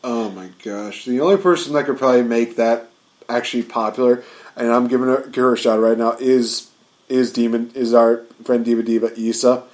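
A man co-hosting a casual podcast, chatty and giving shout-outs to friends. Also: medium pitch, steady tone, fairly quick. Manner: chatty, gives shout-outs, laughs at the jokes. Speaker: podcast co-host. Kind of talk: casual wrestling podcast chat.

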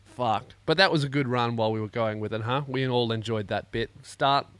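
A man's voice: mid-range voice, brisk, smooth, no echo. Crude, joking man. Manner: crude, self-mocking, animated with acted-out quotes. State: in neck pain. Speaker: podcast host. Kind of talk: comedic solo podcast storytelling.

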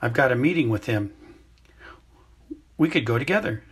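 A blunt, impatient teenage boy pressing with urgent questions, read by a man in a lightly raised voice. The tone is husky and a touch louder than the narration. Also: mid-range voice, animated, normal speed. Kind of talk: amateur audiobook reading.

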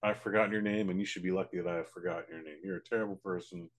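A deep-voiced man co-hosts a casual podcast. He reacts bluntly and swears freely. He often drops into quieter, muttered asides. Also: fairly even intonation, racing. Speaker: podcast co-host. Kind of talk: casual chat.

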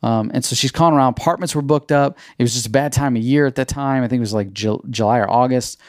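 A man's voice: quick pace, no room sound, studio quality. A young man hosting a podcast, telling a long personal story in a rambling, casual way, filled with "like" and "you know.". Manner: acts out quoted dialogue with pitch jumps. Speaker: podcast host.

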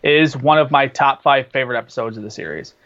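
A man's voice: medium pitch, fast talker, fairly bright tone, muffled recording. A man co-hosting a podcast, chatting casually about movies and TV, rambling with lots of fillers and restarts. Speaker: podcast co-host.

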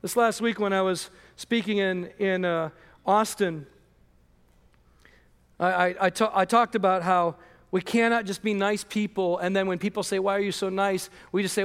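A man preaches to his congregation in an earnest, emphatic way. He acts out the voices he quotes and builds to near shouts on his key points. His voice sits very high for a man, and a long church-hall reverb trails behind every phrase. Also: moderate pace. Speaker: pastor. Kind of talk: sermon. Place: church sanctuary.

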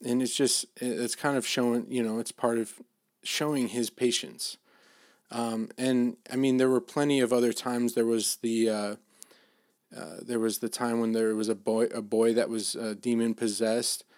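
A middle-aged dad giving an informal sermon in a casual, halting way, with many restarts and fillers. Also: male voice, mid-range voice, level tone, a little mellow, dry recording, clean studio sound. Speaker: dad giving a faith talk.

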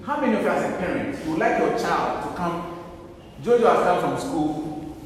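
A man preaches a sermon, his slightly high voice surging into loud, urgent bursts and dropping to hushed passages. He is recorded in a large church hall, with a long reverb trailing his words. A faint hum of ambience sits underneath. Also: animated, normal speed.

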